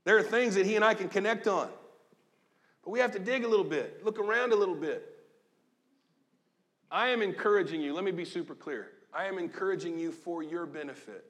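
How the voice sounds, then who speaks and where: A man's voice: high voice, brisk. Man, 50s, pastor, conversational joking sermon, long hall reverb. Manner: animated, joking, conversational preaching. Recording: long echo of a large hall.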